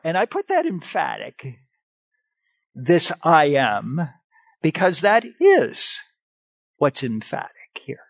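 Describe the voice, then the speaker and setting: A man preaching a sermon with emphatic, deliberate delivery and swings in loudness. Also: fairly high pitch, wildly swooping pitch, creaky, no echo. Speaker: pastor.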